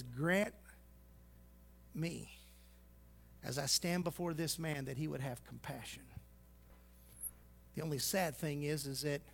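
A man preaching a sermon, folksy and teasing, swinging from loud exhortation to hushed asides. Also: sits high. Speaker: pastor.

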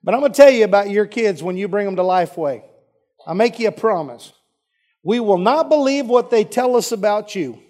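A man's voice: high-pitched, darkish tone. A male pastor preaching a sermon, folksy and joking with the congregation.

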